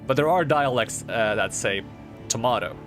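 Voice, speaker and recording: A young man chats loosely as he streams his gameplay, wandering between topics and breaking into laughs. His voice sits at an ordinary middle pitch, with game music playing clearly underneath. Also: expressive, measured pace, a bit bright. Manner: rambling, chatty, laughs often. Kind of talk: casual chat while playing.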